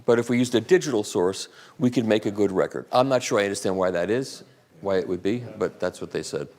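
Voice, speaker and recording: An invited speaker in his sixties gives a casual talk at a radio museum event, rambling through anecdotes, poking fun at himself, and answering audience questions. His lowish voice is expressive, a little mellow, and fast.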